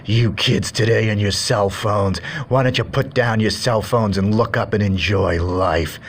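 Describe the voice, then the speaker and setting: A man voicing a grumpy old man who slowly lectures young people, grumbling. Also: on the low side, fairly even intonation, slight background noise, close to an everyday voice.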